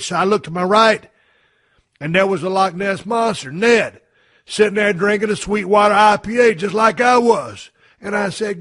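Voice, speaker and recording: A man's voice: high voice, normal speed, fairly bright tone, dry recording, studio quality. A man hosting a podcast, telling a comic tall tale in a profane, rowdy drawl. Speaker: podcast host.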